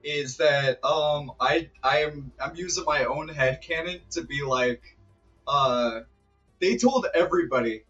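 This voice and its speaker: A man's voice: a little high, a little slow, fairly bright tone, dull audio, faint music behind. A man casually commenting while streaming a game, joking and rambling.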